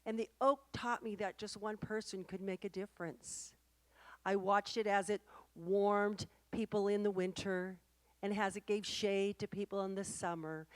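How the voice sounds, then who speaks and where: A woman voicing a wise old male village sage in a storytelling sermon, speaking gently and unhurriedly. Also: high-pitched.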